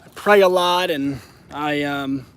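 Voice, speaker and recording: A high-voiced man delivers a preachy vlog monologue outdoors as he walks his dog. He repeats himself often and keeps checking in with "right?". The sound is a casual phone recording out on the street. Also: takes it slowly, a bit bright, clear, resonant tone. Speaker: channel host. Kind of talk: casual talk to camera while walking the dog.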